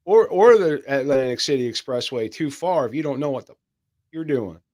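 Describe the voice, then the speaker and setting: A man's voice: mid-range voice, lively intonation, moderate pace, darkish tone. A man co-hosting a podcast in casual, joking banter, swearing freely. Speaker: podcast co-host.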